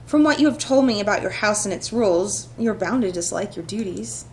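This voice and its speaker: A woman voicing a spirited, witty young heroine, reading a visual novel aloud with a bright, playful touch. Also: medium pitch, expressive, brisk, a little hiss or hum, lightly acted.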